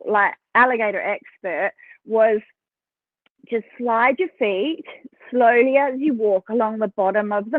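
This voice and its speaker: A woman's voice: mid-range voice, dry recording. Woman, Australian accent, podcast guest, chatty storyteller, phone-quality audio, dry. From South Australia. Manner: chatty, animated, laughs between phrases. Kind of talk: casual interview storytelling. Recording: tinny phone line, dry.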